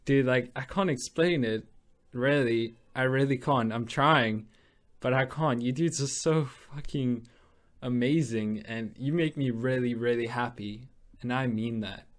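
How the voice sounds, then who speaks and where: A man's voice: mid-range voice, unhurried. Gushing young man thanking his viewers. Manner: gushing, rambling, stumbles over words, giggly. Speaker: gaming channel host. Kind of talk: casual vlog commentary over mobile gameplay.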